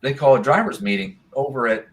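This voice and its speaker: A man, a drag racer and racing association president, tells stories casually in a live Q&A, rambling and animated. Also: medium pitch, brisk. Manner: rambling, animated, voices other people's lines.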